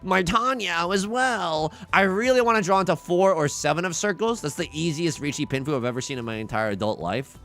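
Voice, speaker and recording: A man's voice: on the high side, fairly quick, few pauses, a bit bright, soft background music. A young man streaming a tile game live, talking through each move and joking with his chat. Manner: playful, jokey, talks to chat.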